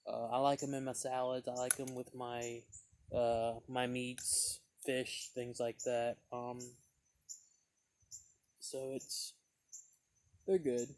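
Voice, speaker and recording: A man's voice: medium pitch, level tone, takes it slowly, long pauses, a little mellow, a little hiss or hum. A man reviewing pipe tobacco in a casual, meandering way, with lots of fillers and restarts as he tells a story.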